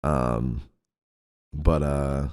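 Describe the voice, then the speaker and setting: A young man with a very low, deep voice talks in a loose, rambling way. He swears freely and leans on fillers as he goes. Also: fairly even intonation, extremely slow, darkish tone, clear, resonant tone. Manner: laid-back, rambling, swears a lot, heavy fillers. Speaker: streamer and roleplay group leader. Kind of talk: casual out-of-character chat.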